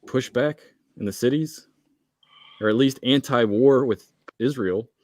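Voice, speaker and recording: A man's voice: mid-range voice, unhurried, a little mellow, dry recording. A man hosting a livestream, reading viewer messages aloud and adding wry, sarcastic comments. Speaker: livestream host reading chat.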